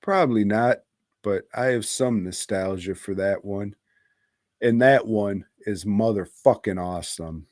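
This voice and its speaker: Low, slow-talking profane podcast man. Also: a little mellow, dry recording, studio quality. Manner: profane, rambling and irreverent. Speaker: podcast co-host. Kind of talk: casual movie review chat.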